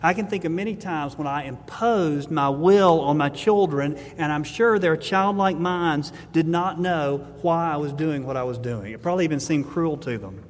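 A man's voice: a little high, normal speed, few pauses. A middle-aged man, a pastor preaching a sermon, earnest and building to emphatic exhortation, with a fatherly tone. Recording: long hall reverb.

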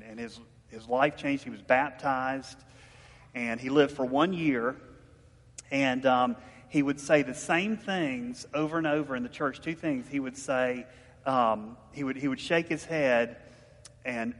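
A man's voice: medium pitch, moderate pace, long reverb tail. A man preaching a sermon in a conversational, storytelling way, asking his listeners questions. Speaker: pastor.

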